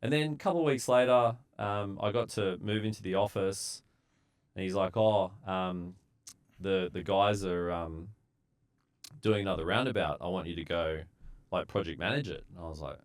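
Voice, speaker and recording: A man with a very low voice tells stories from his years on building sites. He talks in a relaxed, chatty way and acts out the lines of his coworkers as he goes. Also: normal speed. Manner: laid-back, relaxed storyteller who acts out quotes. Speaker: guest, civil engineer. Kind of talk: casual storytelling.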